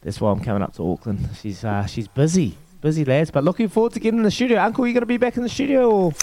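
A man's voice: high voice, rapid-fire, dark tone. Laid-back New man, laughing easily. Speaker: podcast co-host, rugby player. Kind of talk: casual sports chat.

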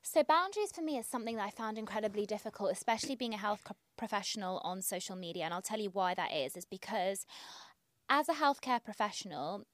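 Animated woman guest, health professional. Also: mid-range voice, fast talker, dry recording. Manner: animated, storytelling, mimics others in quotes. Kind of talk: casual chat.

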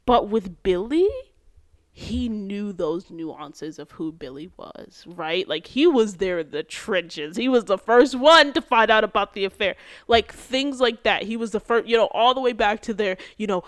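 A woman hosting a podcast, recapping a TV episode in an animated, casual way with many fillers and quick bursts. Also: medium pitch. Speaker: podcast host.

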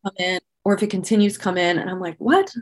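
Speaking rapid-fire in a lowish, level voice, a woman in her thirties opens up as a podcast guest. Her personal story is candid and earnest, with lots of "like" and deep feeling. Talking about painful memories, she is visibly emotional.

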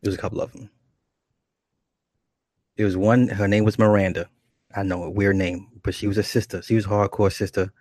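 A man's voice: lowish voice, level tone, a little fast, pauses often, darkish tone, no room sound. A man telling a comic dating story in loose, profane street talk, full of laughing asides. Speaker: comedic storyteller.

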